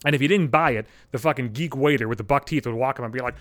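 Fast-talking, swearing man ranting. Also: mid-range voice, a bit bright. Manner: rambling, heavy profanity. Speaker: podcast host. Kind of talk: casual solo monologue.

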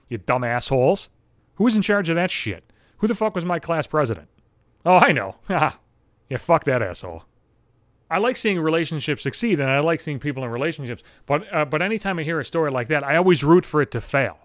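A man's voice: on the high side, very animated, brisk, fairly bright tone, no echo, studio quality. A young man ranting crudely and with exasperation on his podcast, swearing constantly. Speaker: podcast host. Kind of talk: profane comedic rant.

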